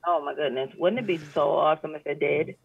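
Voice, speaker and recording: A woman's voice: deep voice, brisk, gravelly, breathy edge, no echo. Earnest woman guest on a phone line. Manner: earnest, animated when retelling, many fillers. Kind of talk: casual interview chat. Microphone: phone call.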